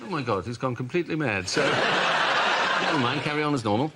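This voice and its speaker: A man's voice: medium pitch, lively intonation, brisk, heavy background noise, close to an everyday voice. A man putting on a bumbling, stammering prime minister. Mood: flustered. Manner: flustered, stammering, laughing. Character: bumbling posh British male prime minister.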